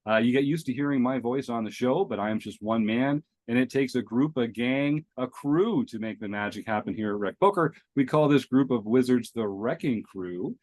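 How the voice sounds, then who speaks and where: A man with a medium-pitched voice hosts a poker podcast, bubbling with gratitude and energy as he opens the show. He talks in an easy, chatty way, full of little fillers, and reads the sponsor thanks with real warmth. The sound is close and dry, like a home studio mic. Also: normal speed, hardly any pauses, no echo. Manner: enthusiastic, grateful, chatty with fillers. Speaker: podcast host.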